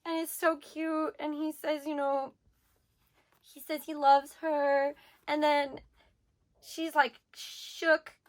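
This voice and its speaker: Young woman, high voice, casual rambling review, emotional, filler-heavy. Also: flat delivery, slow pace, pauses often. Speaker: manga reviewer.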